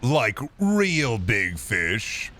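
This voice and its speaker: A man's voice: lowish voice, very animated, extremely slow, pushed and bright. A young man casually commenting on a game he is playing, joking, swearing freely and rambling to his chat. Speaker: streamer.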